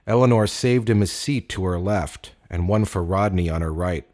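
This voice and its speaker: A man narrating a story in a measured, deliberate way with dry wit. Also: deep voice, darkish tone.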